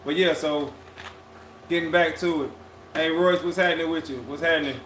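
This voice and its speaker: A man's voice: a little high, steady tone, fairly quick, fairly bright tone, slight background noise. A laid-back man chats casually on a live podcast stream, drawing out his words and circling back over his own phrases. The recording is echoey, with faint ambience behind him. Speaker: podcast co-host.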